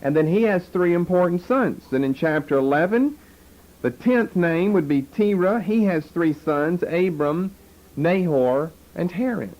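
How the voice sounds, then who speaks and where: A man's voice: high-pitched, lively intonation, unhurried, highs cut off. A man teaching a Bible lesson, explaining step by step and posing rhetorical questions. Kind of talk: lecture on scripture.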